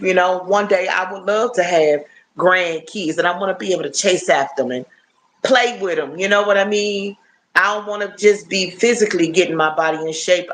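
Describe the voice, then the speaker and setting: A woman's voice: lowish voice, a little hiss or hum. Woman, fifties, livestream host, chatty, heartfelt, casual talk into a phone. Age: 50s. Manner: chatty and heartfelt, often asks "you know what I'm saying?".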